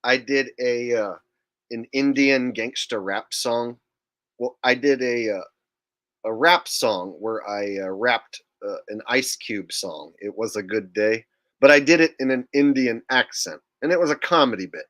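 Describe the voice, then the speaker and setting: A man's voice: mid-range voice, measured pace, a bit bright. A man hosting a live stream, talking in an incredulous, profane, digressive way. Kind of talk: casual live-stream commentary.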